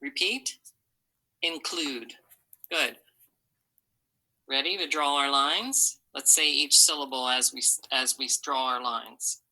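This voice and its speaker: Slow, patient phonics teacher, woman. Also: a bass voice, pushed and bright, rough recording. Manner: slow, patient, syllable-by-syllable modeling. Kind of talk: recorded phonics lesson. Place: online video lesson.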